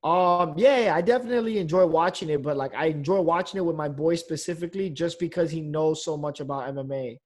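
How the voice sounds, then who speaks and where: Rambling comedian with a fairly high voice. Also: male voice, fast, hardly any pauses. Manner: loose, rambling, fillers and mild swearing. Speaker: comedian guest. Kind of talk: casual podcast chat.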